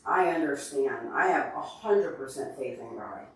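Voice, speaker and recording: A man's voice: mid-range voice, lively intonation, unhurried. A man hosting a casual livestream, upset and teary, earnestly answering viewers by name. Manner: emotional, earnest, openly tearful. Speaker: livestream host answering chat. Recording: very echoey room, far from mic.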